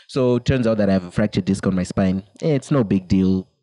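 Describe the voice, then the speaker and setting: A man's voice: low-pitched, a little fast, mellow, dry recording, poor audio. A young man, a podcast co-host, telling a long personal story in casual chat, laughing often and quoting people in put-on voices.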